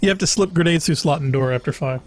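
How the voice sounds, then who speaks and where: A man's voice: fairly high pitch, fast talker, a little hiss or hum. A man co-hosting a casual gaming stream, reading chat aloud and cracking wry jokes. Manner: wry, joking banter.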